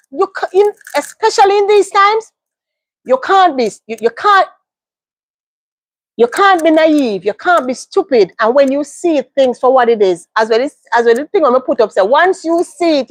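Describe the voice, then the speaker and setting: A woman with a high voice talks straight to her viewers in a casual monologue. She hammers home her points by repeating them. The sound is dry and close, with no room around it. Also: normal speed, no room sound. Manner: emphatic, repeats phrases for stress. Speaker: livestream host.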